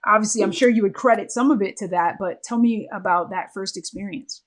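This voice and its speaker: A woman's voice: medium pitch, fairly quick. Woman, podcast host, casual interview chat, gushing, lots of "like" and "you know". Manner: enthusiastic, gushing praise with many fillers.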